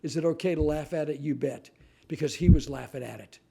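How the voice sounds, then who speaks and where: Emphatic male storyteller, warm tone. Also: fairly high pitch, fairly quick, vocal fry, breathy edge. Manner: animated storyteller, punchy emphatic repetitions. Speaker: host and author. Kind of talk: motivational talk.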